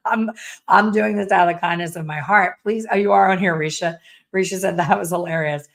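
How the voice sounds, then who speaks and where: A hair color educator in her fifties hosts a casual live stream, speaking bluntly and chattily with a sassy edge and telling stories in put-on voices. Her voice is on the low side and steady, at a normal speed with vocal fry.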